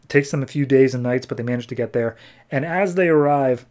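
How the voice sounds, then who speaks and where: A man hosting a podcast, giving a casual recap of comic books and breaking into quick voices for the characters. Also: mid-range voice. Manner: animated storyteller, acting out characters' lines in quick voices. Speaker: podcast host.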